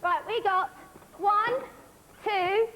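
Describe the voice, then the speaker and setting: A woman assisting the host on a children's TV game show, chirpy and excitable. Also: extremely high pitch, drawn-out words, slight background noise. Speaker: host's assistant.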